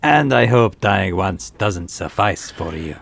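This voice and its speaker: A man voicing an arrogant, scornful alien clone-maker scientist in a video game, reading the lines slowly and condescendingly. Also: deep voice, animated, vocal fry, crowd noise, exaggerated voice. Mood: disdainful. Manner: haughty, condescending, slow and measured.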